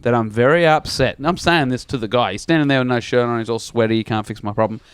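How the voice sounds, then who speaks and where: A man's voice: medium pitch, fast, clear, resonant tone, no room sound. A man ranting through a comic story on a podcast, swearing and slipping into put-on voices. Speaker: podcast co-host. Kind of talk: casual comedic storytelling.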